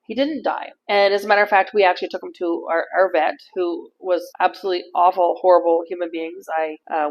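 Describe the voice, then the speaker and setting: A middle-aged woman from Canada, chatting in a casual vlog and telling stories in an animated way, laughing easily. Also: fairly low pitch, lo-fi sound. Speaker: vlogger.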